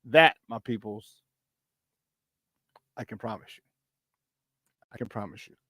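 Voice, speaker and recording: A man's voice: lowish voice, measured pace, breathy edge, no echo, studio quality. A man hosting a sports talk show, chatting casually about football with lots of energy and frequent laughter, a former player telling locker-room stories. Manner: energetic and chatty, laughs often, hypes with "baby".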